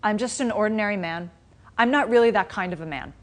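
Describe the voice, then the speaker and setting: A woman voicing a stubborn ordinary male fisherman in a retold story, speaking bluntly and haltingly. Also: mid-range voice, close to an everyday voice.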